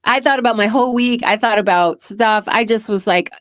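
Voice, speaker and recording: In a dry recording, a woman with a higher-pitched voice speaks fairly quickly as the host of her own show. Her casual monologue on relationships is earnest, rambling and emotional, verging on tears at times.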